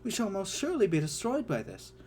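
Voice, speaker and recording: A man's voice: high voice, huge pitch swings, fairly quick, a little mellow, slight background noise, voice pushed up. A man voicing a fussy, anxious male protocol droid. He frets and recites in old-fashioned verse. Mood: alarmed.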